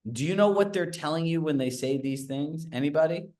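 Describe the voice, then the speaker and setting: A man leading a live coaching call on a video call, talking with quick asides and quizzing his group. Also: fairly high pitch, darkish tone. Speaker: real estate sales coach.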